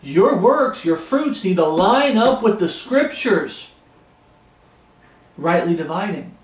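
Impassioned and often raising his voice, a preacher works through an expository sermon on the Bible. He speaks slowly in a high register with big swings in pitch, and the room echoes noticeably.

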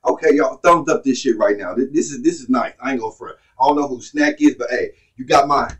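A man hosting a reaction video, talking casually and excitedly, repeating himself and stopping to replay lines. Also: mid-range voice, fast, slightly rough, recorded from a distance. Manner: hyped, repeats himself, keeps rewinding the track.

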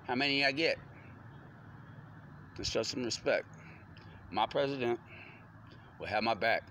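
A man riffs outdoors in a loose, slangy stream of consciousness and tosses out rhyming wordplay. His voice sits at an ordinary middle pitch. Clear traffic and street noise run behind him. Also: a bit bright. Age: adult. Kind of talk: rambling freestyle monologue. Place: outdoors on a front porch at night. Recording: noisy outdoor recording with traffic.

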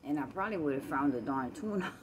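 A woman from Puerto Rico strolls outdoors through a quiet neighborhood at night, vlogging a lively, casual story full of quoted exchanges. She speaks a little fast in a deep voice with lively intonation, against a noisy background.

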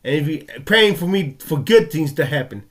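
Furious, swearing man with a higher voice. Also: big pitch swings, normal speed, fairly bright tone. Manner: furious, profane and stammering. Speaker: vlogger. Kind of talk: angry ranting monologue.

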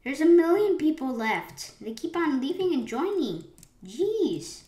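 Slow-talking excitable woman gamer. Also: high-pitched. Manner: excitable, with sudden gasps and rambling restarts. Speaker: gaming channel host. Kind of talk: live gameplay commentary. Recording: roomy echo with faint keyboard clicks.

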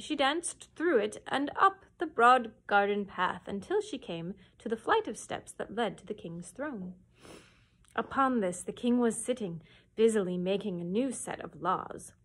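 A woman librarian reading a children's chapter book aloud at story time, in an expressive, lively storytelling manner. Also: fairly high pitch.

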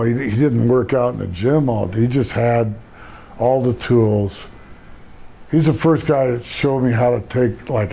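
A man's voice: mid-range voice, mellow. An older man, a retired pro wrestler, telling rambling stories in a casual interview with many restarts. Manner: rambling storyteller, frequent restarts.

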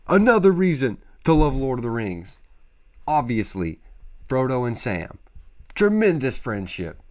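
A man hosting a podcast, talking casually and excitably, with lots of emphatic interjections. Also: medium pitch. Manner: excitable, emphatic, peppered with "freaking" and "dude". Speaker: podcast host. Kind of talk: casual solo podcast monologue.

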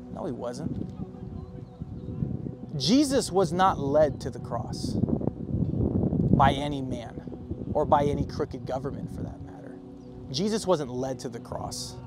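A man preaching a sermon as pastor, animated and emphatic, swinging between loud bursts and quiet, earnest stretches. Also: medium pitch.

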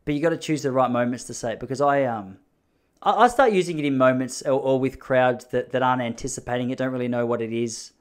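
A man's voice: medium pitch, fast talker. A man hosting a solo podcast, rambling through jokey, self-mocking asides. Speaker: podcast host.

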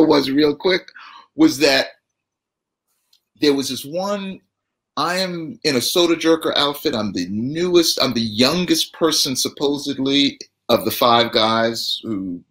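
A man telling theater anecdotes as a talk show guest, acting out the quotes as he goes. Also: medium pitch. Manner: animated storyteller, acts out quotes.

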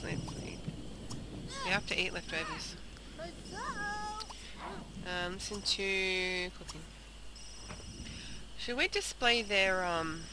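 A young woman casually commenting on a video game, chatting aloud and talking to the characters. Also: medium pitch. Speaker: let's play host. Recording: noisy home recording.

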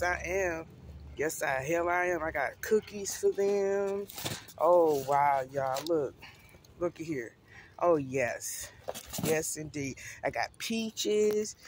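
A woman's voice: sits low, slight background noise. A woman with a Southern accent vlogging casually about cooking for the homeless, folksy and full of "honey" and "I bet you". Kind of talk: casual vlog to camera. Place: outdoors in a park.

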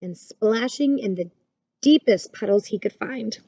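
Female storyteller, children's read-aloud, gentle and clear, higher voice, dry muffled sound. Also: a little slow, no echo.

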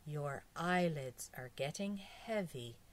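A sly, calm hypnotist doctor, as a woman reading a storybook puts him on. He speaks slowly and softly, drawing out each word in a low, hushed voice. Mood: soothing hypnotic. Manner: slow, soothing, hushed.

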